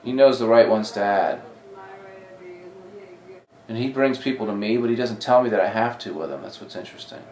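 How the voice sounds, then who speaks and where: Talking a little fast but with long pauses, a lowish-voiced man in his forties recounts stories in a casual interview amid slight background noise. He coordinates talent for a comedy club and animatedly acts out quoted dialogue, recorded in an echoey room with the mic at a distance.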